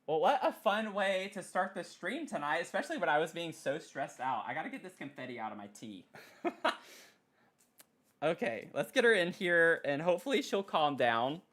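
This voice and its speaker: A man streaming casually at his desk mic, excitable and giggly, cooing softly to his pet between thanks to viewers. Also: on the high side, normal speed. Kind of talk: casual live-stream chat. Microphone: desk microphone.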